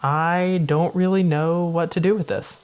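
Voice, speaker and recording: A man's voice: fairly high pitch, steady tone, a little slow, darkish tone, clear, resonant tone, pitched above the performer's own voice, natural voice. A man doing bewildered papal guards. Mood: baffled. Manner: startled, flustered.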